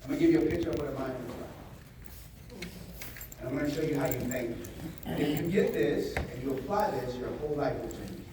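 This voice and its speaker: A man giving a motivational seminar talk to a live audience, animated, repeating phrases and getting the crowd to answer back. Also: medium pitch, fairly quick, pauses often, background noise. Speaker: motivational speaker. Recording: echoey hall, voice from a distance.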